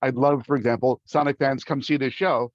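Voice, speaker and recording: Middle-aged guy voice actor, animated storyteller, kinda dull dry lo-fi mic. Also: mid-range voice, a little fast, no echo. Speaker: voice actor, guest. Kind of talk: casual interview talk.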